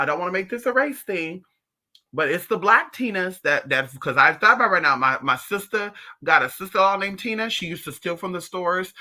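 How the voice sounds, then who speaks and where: A very bright, sharp-edged voice that swings widely in pitch, telling raw, profane stories to viewers on a live stream. This spiritual teacher keeps the chat casual and often slips into mocking impressions of the people in the stories.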